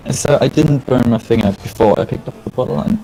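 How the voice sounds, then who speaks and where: A man co-hosting a casual gaming chat, telling a halting, rambling anecdote. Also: medium pitch, warm tone, rough recording. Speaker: gaming channel co-host.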